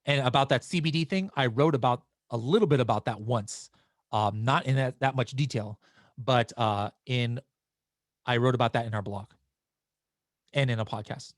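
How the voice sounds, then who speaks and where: A man's voice: medium pitch, normal speed, no room sound, clean studio sound. A man hosting a live webinar, answering viewer questions in a casual, chatty way. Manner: casual and chatty, with frequent restarts and fillers.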